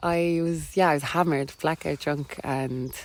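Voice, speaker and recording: A woman's voice: low-pitched, steady tone, measured pace. A woman with an Irish accent, a podcast guest telling a personal story in a rambling, filler-heavy way with frequent laughs. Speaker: podcast guest, wellness coach.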